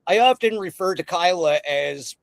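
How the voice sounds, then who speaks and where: Excitable rambling man hosting, dry sound. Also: high voice, normal speed, no room sound. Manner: excitable, rambling, laughs often. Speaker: podcast host. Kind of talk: casual chat.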